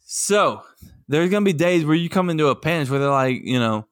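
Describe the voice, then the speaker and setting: A man in his thirties co-hosting a podcast over a remote connection, casual and laughing, often slipping into shouted put-on voices. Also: on the high side, moderate pace, clear, resonant tone, no room sound, studio quality. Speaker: podcast co-host. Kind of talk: casual chat. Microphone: remote call connection.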